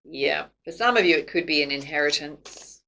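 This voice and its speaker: A woman's voice: deep voice, moderate pace, vocal fry, pushed and bright, poor audio. A woman doing a casual tarot reading to camera, chatty and laughing often. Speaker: psychic tarot reader.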